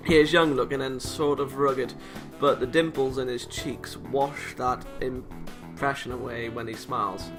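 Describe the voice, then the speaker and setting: A man's voice: medium pitch, steady tone, a little slow, over music. A man hosting a casual let's-read of a visual novel, reading the text aloud with chatty, self-mocking asides.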